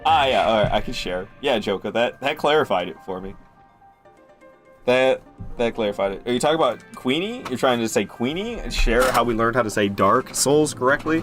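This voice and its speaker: Lively bright-voiced male game streamer. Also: mid-range voice, fairly quick, soft background music. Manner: rambling, joking, swears freely. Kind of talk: casual gaming commentary.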